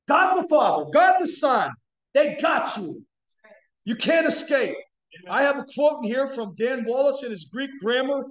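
A man preaching a sermon as a guest speaker, building to emphatic, shouted bursts. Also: extremely high pitch, sing-song, a little slow. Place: church sanctuary. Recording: echoey church room.

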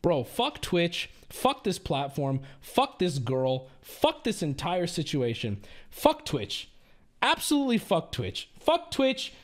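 Furious man ranting, wildly swinging pitch. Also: wildly swooping pitch, slow. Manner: furious, swearing, exasperated. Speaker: streamer. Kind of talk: angry live-stream rant.

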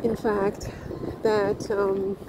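Rambling woman vlogging outdoors, slow. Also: medium pitch, background noise. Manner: rambling, animated, restarts and asides. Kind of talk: casual vlog talk to camera. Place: outdoors on town streets.

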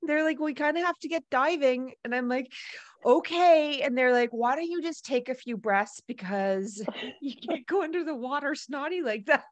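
An animated woman tells a personal story in an easy, casual way, laughing often and acting out the voices of others. Her voice sits a little high and is recorded close and dry. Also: moderate pace, no echo. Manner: animated, laughs often, acts out quoted dialogue.

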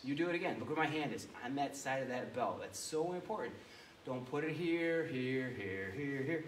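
A man's voice: mid-range voice, animated, normal speed, slight background noise. A male martial arts instructor leading a children's class with commanding, playful energy. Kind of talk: kids' karate class instruction. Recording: echoey room heard from a distance.

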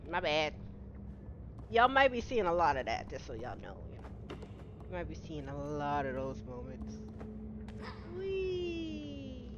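A middle-aged woman streaming a game live, chatting casually, greeting viewers by name and laughing often. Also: lowish voice. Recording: slightly dull home-stream audio with steady noise.

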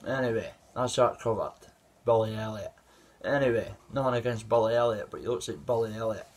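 A man's voice: on the low side, a little fast, darkish tone. A Scottish man in his thirties, an amateur fighter, delivering an aggressive, rambling trash-talk callout to a rival. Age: 30s. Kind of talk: trash-talking callout video.

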